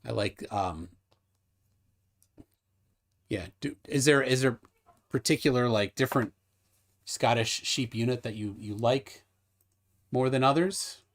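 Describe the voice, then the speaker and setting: Bantering man hosting a livestream. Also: mid-range voice. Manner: bantering, questioning, quick laughs. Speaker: livestream host reading viewer comments. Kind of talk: casual debate chat.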